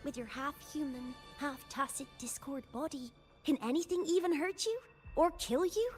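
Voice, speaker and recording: A woman voicing an eerie high childlike girl. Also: normal speed, faint music behind, lightly acted.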